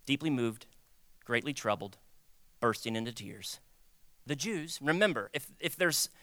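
A young man preaching a sermon in a conversational, animated way, acting out quoted voices. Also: mid-range voice, a little slow, no echo. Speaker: pastor.

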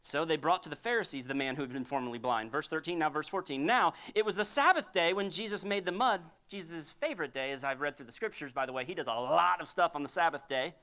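A woman pastor giving a humorous, conversational sermon in an animated style. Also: sits low, fast, hardly any pauses.

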